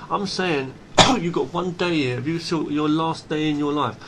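A man's voice: a little high, normal speed, a bit bright, slight background noise. Blunt man ranting. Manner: blunt, emphatic, swears freely; repeats and restarts phrases. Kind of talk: unscripted monologue.

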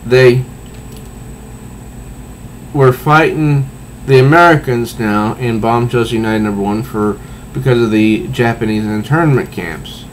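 Man, comic book review, slow easygoing talk, faint background hum. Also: medium pitch, low-quality recording. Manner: rambling, many restarts, easygoing.

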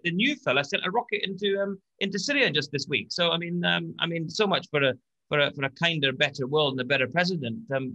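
A man co-hosting a casual podcast chat, speaking haltingly with many repeated words and fillers. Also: fairly high pitch, pushed and bright, dull audio. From British. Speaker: co-host.

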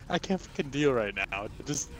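Calm, dry-teasing young man gamer. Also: medium pitch, slight background noise. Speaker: co-player. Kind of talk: casual gaming banter.

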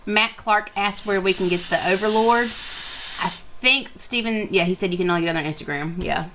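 A woman's voice: mid-range voice, normal speed, noisy background. A woman co-hosting a vape review show, chatting casually and reading out viewer questions. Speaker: co-host. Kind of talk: casual chat.

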